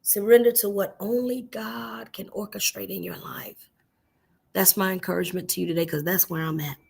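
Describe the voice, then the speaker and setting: A woman's voice: mid-range voice, steady tone, moderate pace, creaky, a little mellow, breathy edge. A middle-aged woman minister giving a devotional teaching, earnest and personal, repeating key phrases for emphasis. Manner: tells personal stories to the listener.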